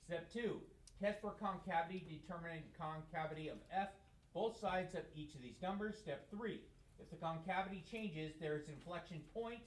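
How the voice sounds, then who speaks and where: A man's voice: fairly high pitch, normal speed. A man giving a math lecture in a classroom, talking casually and asking questions that he answers himself. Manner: conversational, asks questions and answers them himself. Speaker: math teacher. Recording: echoey room.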